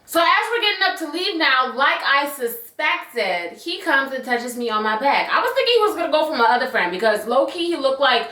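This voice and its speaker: A young woman telling a personal story to her channel in a chatty, animated way full of slang and asides. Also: high-pitched. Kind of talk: casual storytime. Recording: echoey room.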